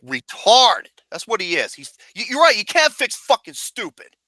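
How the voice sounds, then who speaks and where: Animated, profane ranting man. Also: high voice, normal speed, no room sound. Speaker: podcast host. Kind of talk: casual chat.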